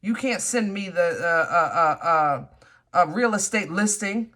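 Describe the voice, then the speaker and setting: Blunt, animated woman reading tarot. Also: fairly low pitch, unhurried. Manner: animated, blunt, swears in frustration, addresses viewer directly. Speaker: tarot reader.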